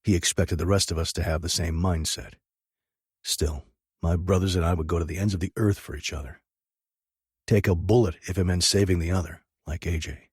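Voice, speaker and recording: A man's voice: sits low, steady tone, fairly quick, a little mellow, slightly rough, no room sound, clean studio sound. A man narrating a first-person audiobook with an intense, dramatic reading.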